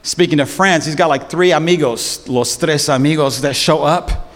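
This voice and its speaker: A man's voice: a little high, moderate pace. A man preaching a sermon as pastor, storytelling in casual slang and with animation. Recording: long hall reverb.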